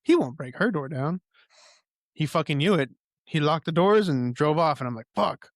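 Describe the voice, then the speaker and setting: A young man with a fairly high voice tells a story in a loose, animated way, with plenty of swearing along the way. He co-hosts a casual podcast, and the sound is dry and close to the mic. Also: moderate pace, no room sound. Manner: animated storyteller, heavy swearing, acts out quotes. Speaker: podcast co-host.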